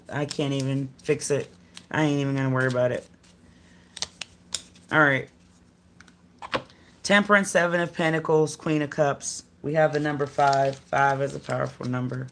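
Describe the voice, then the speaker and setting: A woman's voice: deep voice, moderate pace, long pauses, a little hiss or hum. A middle-aged woman giving a casual tarot reading on a livestream, talking in a rambling, slangy, chatty way to her viewers. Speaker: tarot card reader.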